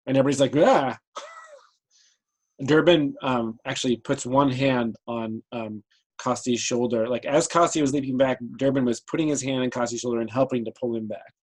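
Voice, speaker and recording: A man's voice: medium pitch, big pitch swings, normal speed, darkish tone, rough recording. A man narrating as game master of a tabletop game, hesitant with many fillers.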